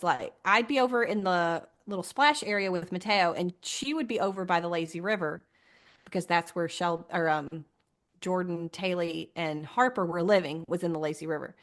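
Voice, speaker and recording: Podcast co-host, woman, 30s, lively storyteller who laughs often and acts out quotes. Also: fairly low pitch. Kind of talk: casual chat.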